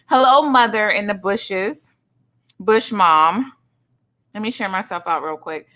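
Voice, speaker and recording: A middle-aged woman hosting a livestream in casual chat, effusively greeting each viewer with loud, high greetings and calling people honey and sugar. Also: a little slow. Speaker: livestream host. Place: son's home streaming setup.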